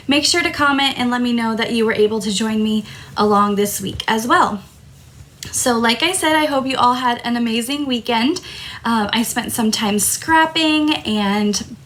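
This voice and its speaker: A woman from Tucson, Arizona, with a fairly bright, higher-pitched voice hosts a live crafting stream. She chats casually and apologetically, saying sorry as a tickle in her throat keeps making her cough.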